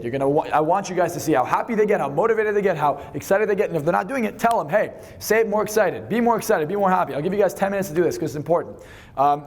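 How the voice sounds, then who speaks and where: A man leading a live seminar, energetic and fast, swearing freely as he instructs the room. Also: a little high, slight background noise. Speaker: seminar speaker.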